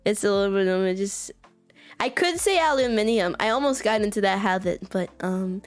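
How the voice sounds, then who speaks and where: A woman's voice: medium pitch, lively intonation, moderate pace, dry recording, faint music behind. A woman with an American accent chatting casually with her live chat as a streamer, giggling often and saying "like" a lot. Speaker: VTuber streamer.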